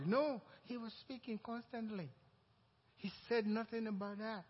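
A man preaching a sermon as pastor, acting out the voices in his story with animated emphasis. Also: high voice, moderate pace, husky. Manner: animated preaching, acts out quoted dialogue. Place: church sanctuary. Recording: dull echoey church hall recording.

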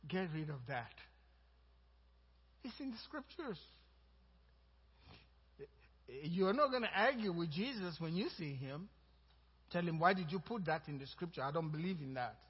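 A male pastor preaching a sermon, lively and chuckling between points, slowing to stress scripture quotes. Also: sits high, husky. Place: church sanctuary. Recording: reverberant hall, dull lo-fi sound.

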